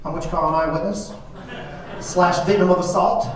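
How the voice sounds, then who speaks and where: A man's voice: high voice, fairly even intonation, moderate pace, a crowd in the background. Self-deprecating middle-aged man doing stand-up. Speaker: stand-up comedian. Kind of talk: stand-up comedy routine. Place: comedy club stage. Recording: echoey club from far off.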